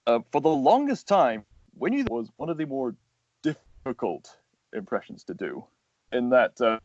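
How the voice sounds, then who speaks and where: A man's voice: mid-range voice, sing-song, normal speed, darkish tone, dry recording, muffled recording. A man, a voice actor and animator, talking as a guest in a casual interview, explaining earnestly at length with plenty of fillers.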